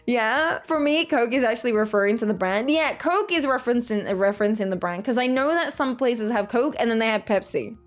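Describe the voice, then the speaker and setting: A woman's voice: a little high, expressive, fairly quick, hardly any pauses. A woman, chatting casually with her chat while gaming, reading messages aloud and laughing often. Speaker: streamer.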